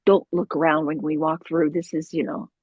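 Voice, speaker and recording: A middle-aged woman guest telling a story in a casual, animated way, with lots of laughs and fillers. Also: low-pitched, normal speed, slightly rough, no echo, lo-fi sound. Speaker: voice actor guest.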